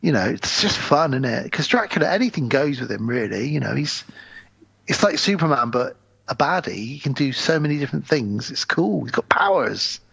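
Animated gravelly man, dull sound. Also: mid-range voice, moderate pace, dry recording. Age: adult with wife and in-laws. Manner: animated, acts out scenes in voices, laughs often. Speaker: podcast co-host. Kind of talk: casual film review chat.

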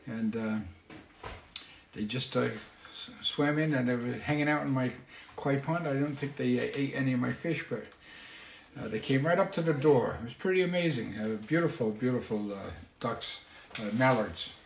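Man, livestream host, casual home chat, halting, fillers, echoey room, faint background noise. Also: mid-range voice, vocal fry. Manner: rambling, halting, many fillers. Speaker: musician hosting a weekly livestream.

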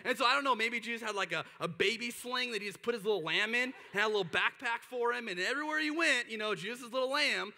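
A man preaching a sermon to a church service, energetic and sarcastic, firing off rhetorical questions. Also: very high voice, fast, hardly any pauses, big-room sound. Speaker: pastor. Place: large church auditorium.

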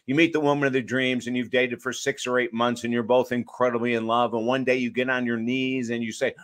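Medium in pitch and brisk in delivery, the man is an author and addiction counselor who makes his case emphatically on a podcast, leaning on stories and lively asides.

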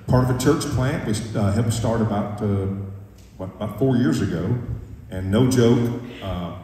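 A man's voice: on the low side, normal speed, dark tone. A man, a gospel singer giving a joking, folksy stage talk between songs in a church concert hall. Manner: folksy, joking, stirs the crowd up. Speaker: gospel quartet singer speaking to the audience. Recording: echoey hall, distant mic, crowd.

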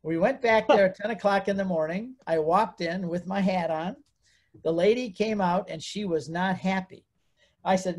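A man's voice: high-pitched, normal speed. A man telling a personal story as a guest in an interview, acting out the voices of the people he quotes. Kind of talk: animated storytelling.

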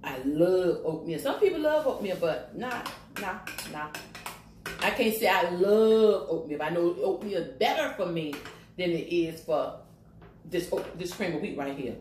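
With a lowish, slightly mellow voice at a measured pace, this Virginia mukbang vlogger in her 50s talks casually to viewers while eating. Humming and mouth-full chatter fill the clip, recorded in an echoey space with faint noise.

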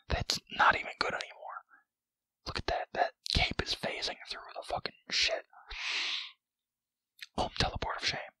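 A man's voice: sharp tone, no echo, lightly acted, poor audio. A man doing whispered role-play as a greedy, grumpy male cartoon crab, commenting on his gameplay with foul-mouthed, rambling, self-mocking chatter. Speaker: gaming commentator.

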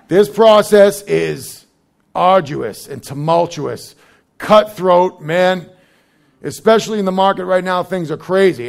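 A man's voice: a little high, vocal fry. A young adult man preaching a sermon as pastor, conversational and joking, with frequent asides.

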